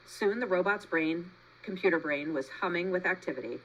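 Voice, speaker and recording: A woman reading a children's book aloud with expressive storytelling, as a teacher. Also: on the low side, brisk, poor audio.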